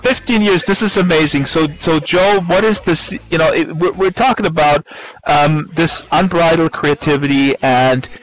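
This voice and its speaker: A man's voice: on the high side, normal speed, rough recording. Joking rambling male stream host. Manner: joking, rambling with many restarts. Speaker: show host. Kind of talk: casual live-stream chat.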